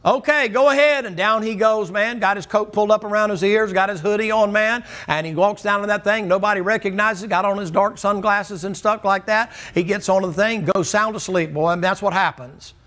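A man preaching a sermon as the pastor, telling the story in a folksy, animated way. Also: sits high, brisk, few pauses.

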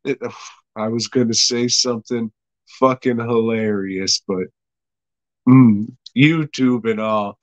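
A man talks through an episode at an unhurried pace, swearing freely and breaking into laughter. His pitch sits mid-range for a man. The sound is close and dry, with no room around it. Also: fairly even intonation, no room sound, rough recording. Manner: profane, rambling, laughing recap. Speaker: podcast host reviewing an episode. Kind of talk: casual chat.

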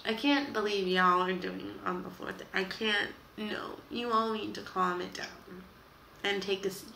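Exasperated young woman, bright gravelly voice. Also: mid-range voice, steady tone, moderate pace. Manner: dramatic, exasperated, trails off and restarts. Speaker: reaction vlogger. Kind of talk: casual reaction chat to camera. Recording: echoey room with faint background noise.

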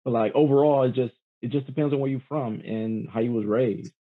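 A man guesting on a podcast, talking in relaxed slang, hesitant and often repeating himself. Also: medium pitch, brisk, phone-quality sound. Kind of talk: casual podcast chat.

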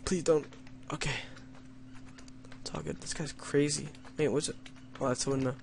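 A man's voice: a little high, fairly even intonation, normal speed, creaky, darkish tone, a little hiss or hum. Young man narrating a game, wry and playful. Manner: reads story lines in mock-dramatic tone, then jokes wryly at himself. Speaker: gamer playing an adventure map. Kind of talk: let's play commentary.

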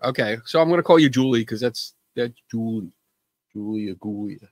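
A man with a mid-range voice hosts a live call-in show, speaking a little fast in a joking, self-deprecating, casual livestream-chat style.

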